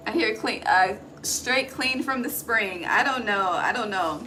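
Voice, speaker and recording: A woman gives a casual, intuitive tarot reading, chatting loosely, cursing offhandedly and checking in with listeners by asking "okay?" often. Her bright, forward voice is medium in pitch, animated and a little slow. The rough phone recording has a faint hiss underneath.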